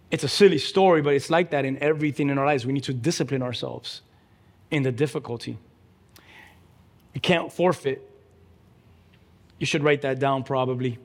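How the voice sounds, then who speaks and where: A man's voice: mid-range voice, big-room sound. A man preaching a sermon as pastor, urging the congregation directly and with emphasis.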